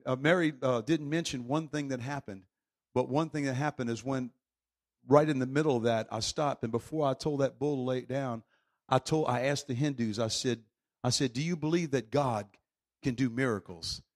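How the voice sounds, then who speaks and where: A man preaching a sermon with fervent energy, swinging from shouts to quiet storytelling. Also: medium pitch, normal speed.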